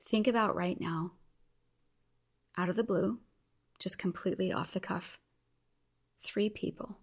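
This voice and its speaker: With a breathy edge and vocal fry, this mid-range voice moves a little slowly. It belongs to a podcast host in her thirties who earnestly urges her listeners on as she presents them with a challenge in motivational talk.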